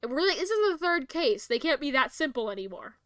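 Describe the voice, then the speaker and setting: A woman's voice: high voice, sing-song, brisk, fairly bright tone, no room sound, studio quality. A woman streamer chatting casually and giggly while she plays a mystery game. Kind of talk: casual gameplay commentary.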